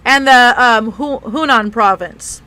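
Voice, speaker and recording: A woman's voice: on the high side, slow pace, pushed and bright. A woman co-hosting a casual group podcast, reading history notes aloud with small stumbles and frequent laughs. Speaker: podcast co-host.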